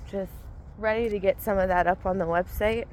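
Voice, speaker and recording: A woman's voice: medium pitch, moderate pace, rough recording. A woman with a middle-range voice talks through her day in a loose, thinking-aloud way while walking outside in the cold. Faint background noise sits under her voice. The delivery is informal, like a personal spoken journal. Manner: relaxed, rambling, thinking aloud. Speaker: vlogger and mindset coach. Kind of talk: casual spoken gratitude journal. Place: outdoors on a cold walk.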